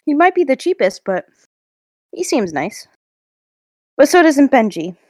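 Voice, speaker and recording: A woman playing a tabletop game, chiming in with quick interjections. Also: sits high, big pitch swings, darkish tone. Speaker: player. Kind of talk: casual chat in a tabletop game.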